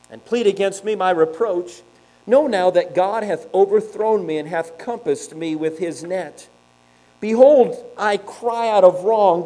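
A man preaching a sermon, reading scripture aloud and explaining it in plain talk, with sharp swings between loud and quiet. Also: sits high, rough recording. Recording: mains hum behind the voice.

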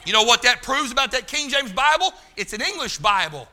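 A man preaching a sermon in a fervent, folksy way, talking straight to the room and rising to shouts. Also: very high voice, sing-song, a little fast. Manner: loses his place, talks to the room.

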